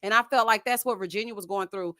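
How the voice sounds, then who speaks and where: Here the same kind of host has a medium-pitched voice and a quick pace, captured cleanly in a studio with no echo. She livestreams her reality-TV reviews in a sassy, expressive way, addressing viewers as honey and y'all and laughing at her own jokes.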